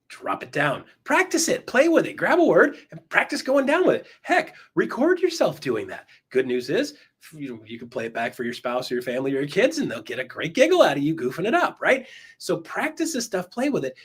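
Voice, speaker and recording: A man coaching real estate agents in an enthusiastic, emphatic motivational talk, swinging his pitch up and down. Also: slightly rough.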